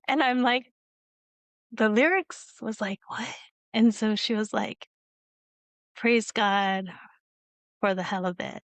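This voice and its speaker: A woman's voice: mid-range voice, slow, long pauses, a bit bright, no echo. A woman hosting a video-call interview, telling a long personal story in a rambling, tearful way with frequent laughs. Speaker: host. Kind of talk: emotional conversational storytelling.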